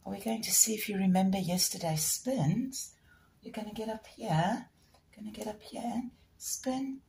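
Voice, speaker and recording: Woman, pet owner, hoarse gravelly voice, soft coaxing baby talk, unhurried. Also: medium pitch, animated, slight background noise. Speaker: pet budgie owner and trainer. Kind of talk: casual vlog talk to a pet bird.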